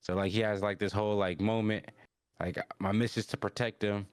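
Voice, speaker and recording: A man's voice: fairly low pitch, level tone, brisk, clear, resonant tone, no room sound. A man hosting a podcast, casually recapping an anime episode in a rambling, slangy way with lots of restarts. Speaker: podcast host.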